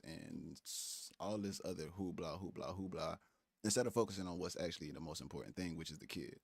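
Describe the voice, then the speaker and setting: A man with a low, gravelly voice riffs on a casual stream, animated and profane. His commentary is peppered with laughing asides, and the sound is dry and close. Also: brisk, no room sound. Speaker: stream co-host.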